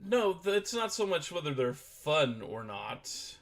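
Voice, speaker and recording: A man's voice: on the high side, sing-song, measured pace. A man on a casual gaming stream, explaining the rules of a board game while setting it up at his computer, talking hesitantly as he thinks aloud. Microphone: desk microphone at a computer.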